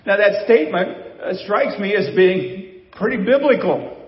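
An older male pastor delivers a conversational sermon, putting questions to his congregation. His voice sits a little high for a man. It rings through a long church reverb, and the sound is a bit dull. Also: measured pace. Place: church sanctuary. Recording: echoey church hall, slightly dull.

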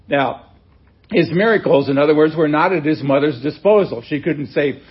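A man preaches a sermon in a relaxed, conversational way, reading scripture and then breaking off to explain it in his own words. His voice sits a little high for a man. The recording sounds dull and lo-fi. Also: normal speed. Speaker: pastor.

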